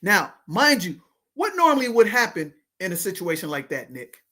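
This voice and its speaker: Her mid-range voice has a sing-song lilt and a normal speed. In her fifties, this show host narrates a story with drama and hails the audience as ladies and gentlemen.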